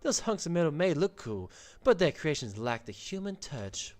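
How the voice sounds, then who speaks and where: A man's voice: on the high side, very animated, normal speed, pitched above the performer's own voice. A man voicing a proud, cheerful young woman blacksmith in an attempted Southern US accent, with eager upbeat delivery, over faint game music. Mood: defiant.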